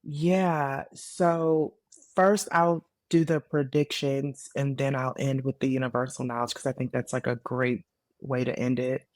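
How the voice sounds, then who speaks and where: A woman in her late thirties, a podcast guest, telling her story in casual conversation, earnest and animated with frequent fillers. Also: very deep voice, a little slow, no echo, clean studio sound. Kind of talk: casual interview testimony.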